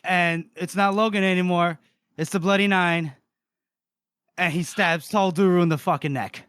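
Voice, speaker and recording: A man's voice: sits high, moderate pace, smooth, dry recording, studio quality. A man co-hosting a podcast, casually recapping a book and acting out the characters' lines. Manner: animated retelling, acts out the characters' lines. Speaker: podcast co-host.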